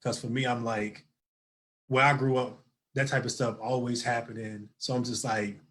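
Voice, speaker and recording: A man's voice: mid-range voice, normal speed. Laid-back man. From Florida. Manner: relaxed, conversational, repetitive phrasing. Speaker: guest.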